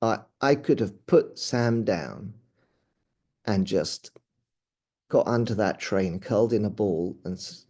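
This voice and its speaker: Middle-aged bloke, paramedic, low voice, stops and restarts a lot, goes quiet. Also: male voice. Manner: halting, earnest, frequent restarts, often drops quiet. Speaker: paramedic guest. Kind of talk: interview, personal recollection.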